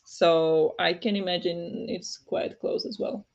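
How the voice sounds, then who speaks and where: A woman's voice: fairly low pitch, steady tone, slow pace, creaky, darkish tone, lo-fi sound. A woman with a Flemish accent hosting a casual livestream from home, laughing often and reading the chat aloud. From Flanders. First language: Dutch. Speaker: livestream host. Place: home at night.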